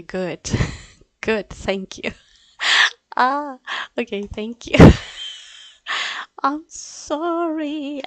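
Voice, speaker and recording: A woman whose first language is Spanish teaches a live class, speaking slowly with a gravelly edge. Her talk is flustered and apologetic, full of restarts. She speaks into a desktop microphone at her computer. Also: fairly high pitch, no room sound. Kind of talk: live-streamed class, unscripted chat.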